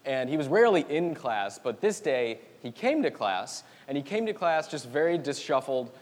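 A young man preaching a sermon as pastor, telling a story with animated energy and frequent laughter. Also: medium pitch, moderate pace. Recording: long reverb of a large hall.

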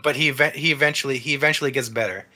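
Bright-voiced man rambling about a game. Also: mid-range voice, rapid-fire. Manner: rambling, lots of restarts, explains things. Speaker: podcast co-host reviewing a game. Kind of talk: casual chat.

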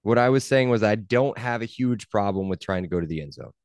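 A man's voice: lowish voice, lively intonation, a little fast, a little mellow, smooth, no room sound, studio quality. A man co-hosting a sports podcast, arguing his points in casual chat and repeating himself for emphasis. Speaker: podcast co-host.

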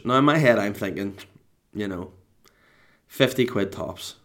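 A man's voice: on the low side, expressive, unhurried, a bit bright. A man with a Scottish accent telling a rambling, sweary story at home with comic exasperation. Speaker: dad telling a story to camera. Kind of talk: casual rambling anecdote.

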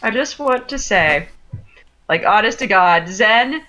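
A woman's voice: mid-range voice, animated, takes it slowly, sharp tone. A young adult woman co-hosting a podcast, chatting casually and telling stories with lots of fillers and laughter. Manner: chatty storyteller, laughs often, many "like" fillers. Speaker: podcast co-host. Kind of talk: casual chat.

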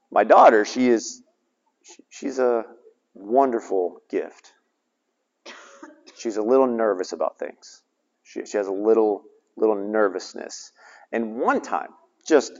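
A man preaching a sermon, telling family stories with voices and asking his listeners rhetorical questions. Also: mid-range voice. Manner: animated storytelling, acting out family dialogue and rhetorical questions. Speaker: pastor. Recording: dull sound in a reverberant hall.

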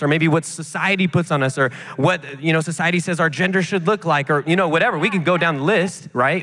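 A man's voice: fairly high pitch, fairly bright tone. Earnest man sharing on a church panel. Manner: earnest, conversational teaching. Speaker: youth leader. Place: church sanctuary, live service.

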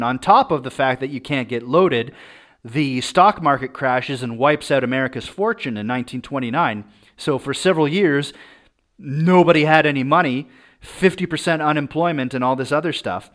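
A man's voice: mid-range voice, animated, moderate pace, fairly bright tone. A man hosting a podcast, telling a true-crime story in a casual, chatty way and often checking in with "right?".

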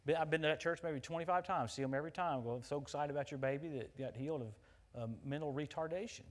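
A middle-aged man preaching a sermon, swinging between loud emphatic declarations and quiet, chatty storytelling, often laughing at his own anecdotes. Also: on the high side, fast.

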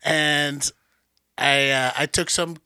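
A man's voice: a little high, fairly even intonation, slow, bright, forceful tone, smooth, dry recording. A man chatting casually in a laid-back, wry, profane way. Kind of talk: casual storytelling chat.

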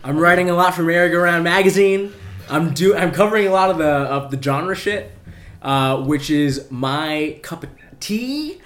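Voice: medium pitch, moderate pace, a bit bright, roomy sound. A tipsy, hiccuping podcast guest who laughs at himself in casual chat. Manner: laughing, self-mocking. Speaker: podcast guest, music writer.

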